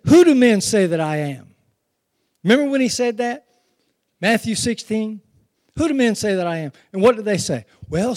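A man preaching with a very high voice, the sound carried by a long hall reverb. He calls on the congregation to answer him and acts out scenes with swelling intensity. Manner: call-and-response preaching, dramatic retelling. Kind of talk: sermon.

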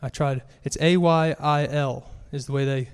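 A man's voice: mid-range voice, fairly even intonation, normal speed, smooth. A man preaching a sermon to a congregation, earnest and building force as he reads scripture aloud. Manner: earnest, rises and presses when reading scripture aloud. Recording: long reverb of a hall.

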